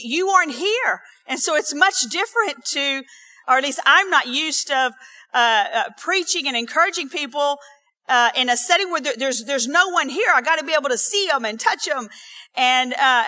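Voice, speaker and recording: Lady pastor preaching to an empty auditorium, bright and kinda high, reads verses slow and repeats stuff. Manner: earnest, encouraging, repeats words emphatically; reads scripture slowly with emphasis. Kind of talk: sermon.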